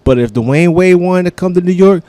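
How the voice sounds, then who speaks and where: A man's voice: high voice, fairly quick, dark tone, no room sound. A man ranting about sports, dry sound. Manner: profane, fan-style sports talk. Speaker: comedy radio host. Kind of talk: casual sports rant.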